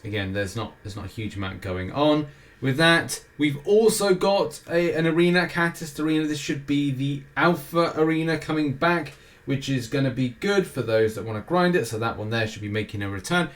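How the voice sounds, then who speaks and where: A man's voice: fairly high pitch, a bit bright. A British man hosting a weekly gaming show, rambling through the schedule with jokey, self-mocking asides. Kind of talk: casual weekly game schedule rundown.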